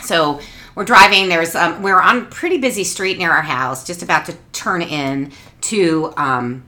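A woman's voice: on the low side, a little slow. A woman co-hosting a podcast, telling a story in casual chat and acting out the quotes with animation. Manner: animated, acts out quotes, laughs through story. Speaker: podcast co-host.

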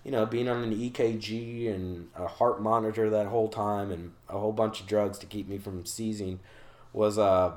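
A man's voice: fairly low pitch, steady tone, moderate pace, darkish tone. Man telling a story in a loose, cursing way. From Charleston, South Carolina. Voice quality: swears freely, acts out quoted lines in voices. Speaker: guest recounting his rehab stay. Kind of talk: casual storytelling chat.

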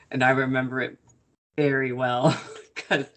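A woman's voice: very deep voice, level tone, a little slow. A woman in her thirties, co-hosting a podcast, chatting and telling stories with frequent laughter. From grew up in Italy in a military family. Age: 30s. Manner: chatty, laughs often, storytelling. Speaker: podcast co-host. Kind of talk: casual chat.

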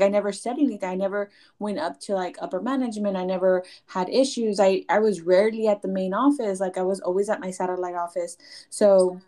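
A woman's voice: mid-range voice, warm tone. A woman talking reflectively and a little hesitantly in a casual chat.

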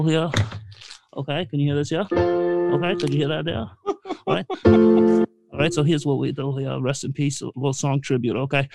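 A man's voice: fairly high pitch, gravelly, darkish tone, low-quality recording. A man playing a fumbling late-night talk show host who halts and tacks "okay" onto nearly every phrase. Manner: breaks into off-key song snippets. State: short of breath. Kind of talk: comedy bit.

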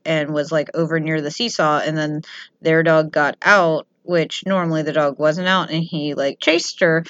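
A young woman chats with friends in a slightly low voice, rambling through anecdotes and acting out the people in them. The recording is dry and a little muffled, with no room sound. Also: steady tone, normal speed, a bit bright, dry recording. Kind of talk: casual chat.

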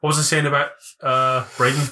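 A man's voice: mid-range voice, level tone, fairly quick, sharp tone. A man chatting casually on a podcast, sweary, jokey and easily sidetracked. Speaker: podcast co-host. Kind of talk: casual chat.

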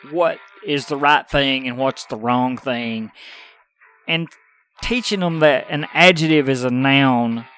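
A man's voice: on the high side, sharp tone. A middle-aged man hosting a podcast, ranting in an exasperated, profane way. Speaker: podcast host. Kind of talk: casual ranting podcast talk.

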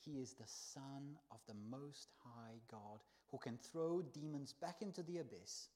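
A man preaching a sermon in a church, telling the story with lively swings between soft, hushed lines and loud exclaims. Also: mid-range voice, a little slow. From not from the country where he preaches.

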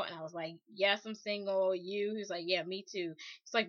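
A woman in casual conversation, spinning an anecdote with lively quoted exchanges. Her voice sits at an ordinary middle pitch. The recording is a little dull and lo-fi. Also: fairly quick, few pauses. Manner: animated, quotes both sides of a chat. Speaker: podcast co-host telling a story. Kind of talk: casual storytelling chat.

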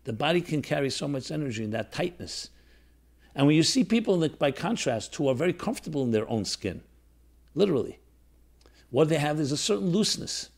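A man's voice: on the high side, sing-song, a little fast, a little mellow. A man, a rabbi, telling a personal story to his listeners in an earnest, reflective way, with restarts and fillers. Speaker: rabbi teaching a class.

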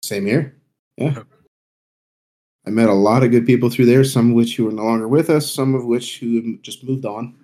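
Matter-of-fact man with a mellow voice. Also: mid-range voice, steady tone, moderate pace. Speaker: guest streamer. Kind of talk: casual podcast chat.

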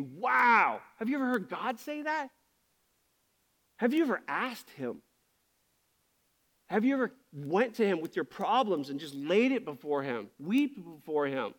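A man's voice: very high-pitched, sing-song, unhurried, a bit bright. A man preaching a sermon as pastor, speaking with passion and candor. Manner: passionate, candid.

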